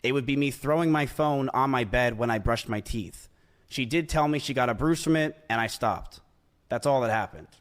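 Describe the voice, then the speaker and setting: Man, mid-pitched voice, defensive, matter-of-fact stream explanation. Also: moderate pace.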